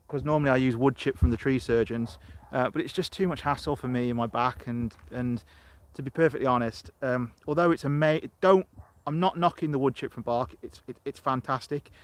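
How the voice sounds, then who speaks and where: A middle-aged man from England chatting rambly on a live stream from his allotment, talking into a phone camera outdoors and answering viewers as he goes. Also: mid-range voice. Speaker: allotment vlogger. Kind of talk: live-streamed casual chat.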